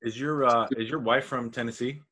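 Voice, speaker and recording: Guy hosting a podcast, mid pitch, jokey and teasing. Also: fairly even intonation, brisk, bright, forceful tone, breathy edge. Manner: joking, friendly teasing. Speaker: podcast host. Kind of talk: casual interview chat.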